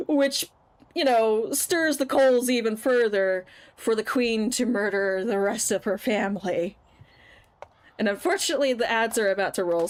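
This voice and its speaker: A woman streamer retelling a story in casual chat while she plays a game, acting out the quoted lines with big jumps in pitch. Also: normal speed, low-quality recording.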